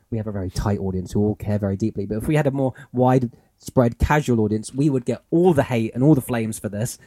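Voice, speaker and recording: Mellow-voiced man musing on a podcast. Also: medium pitch, no echo, studio quality. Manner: rambling, filler-heavy musing. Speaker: podcast co-host. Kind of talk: casual chat.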